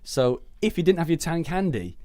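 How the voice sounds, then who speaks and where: A man's voice: a little high, big pitch swings, moderate pace, mellow, no echo. A man reading out and joking about comic blurbs in a casual chat, rambling and often laughing. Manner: giggly, rambling, slips into silly accents. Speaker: podcast co-host.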